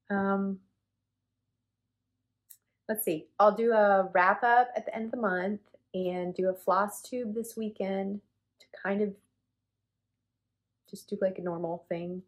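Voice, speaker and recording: A woman in her forties chatting casually to camera as a cross stitch vlogger, rambling and self-deprecating with lots of fillers. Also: medium pitch.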